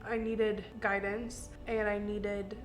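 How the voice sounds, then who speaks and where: A young woman YouTuber in a casual couple chat, speaking softly and heartfelt, laughing easily. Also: medium pitch, level tone, takes it slowly, reverberant.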